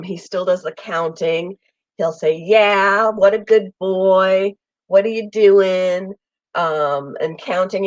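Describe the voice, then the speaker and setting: Speaking in a low-pitched voice, a woman who hosts a pet channel chats casually and live with her viewers from home, where an air conditioner runs. She has a summer cold and coughs, rambling in a friendly way full of ums. The sound is lo-fi and echo-free.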